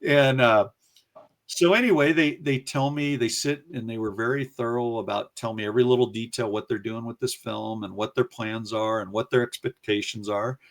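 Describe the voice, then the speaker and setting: A man recounting his career in a relaxed interview brings a story to life by performing the voices of those he quotes. He has a medium-pitched voice and keeps a moderate pace.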